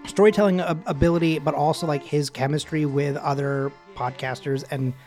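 Man, podcast co-host, casual chat, animated, playful character voices, slightly high voice. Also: a little fast, over music.

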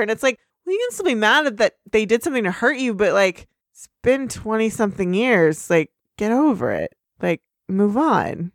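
Chatty podcast woman, lively pitch. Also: no echo, clean studio sound. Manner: chatty, many "like" fillers, quick asides. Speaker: podcast co-host. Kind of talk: casual recap chat with acted character lines.

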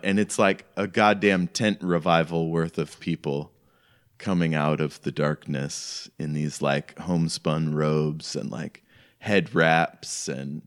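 A man narrating a tabletop game as game master, talking in a casual, rambling way full of "like". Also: very deep voice. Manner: casual, rambling, heavy use of "like".

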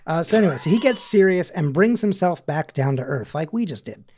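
A man's voice: on the high side, animated, brisk, a crowd in the background. A man hosting a podcast, reading out a scene recap in a chatty, wry way and laughing at his own jokes into a podcast microphone. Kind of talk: casual chat and recap reading.

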